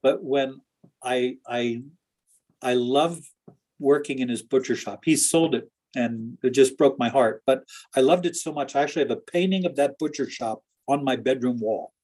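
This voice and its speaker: Man, pastor, husky voice, middle pitch, earnest storytelling, interview guest. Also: normal speed, darkish tone. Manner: earnest, anecdotal, with laughs and restarts.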